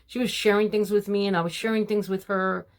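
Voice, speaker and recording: Older woman, homemaking vlogger; warm, preachy devotional chat. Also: medium pitch, steady tone, brisk. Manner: warm, preachy, addresses viewers as ladies. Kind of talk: casual devotional talk to viewers.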